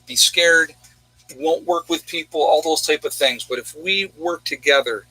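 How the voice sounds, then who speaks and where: A man's voice: fairly high pitch, a little slow, bright, forceful tone, husky, no room sound, poor audio. A man hosting a casual livestream, rambling conversationally, often saying "you know" and "okay?", and reading viewers' locations off a list. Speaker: livestream host.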